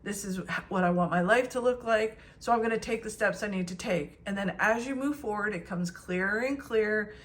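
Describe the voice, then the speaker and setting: A woman's voice: medium pitch, brisk, hardly any pauses, a bit bright. A middle-aged woman giving a casual tarot reading, talking in a chatty, encouraging way with many fillers and restarts. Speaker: tarot reader.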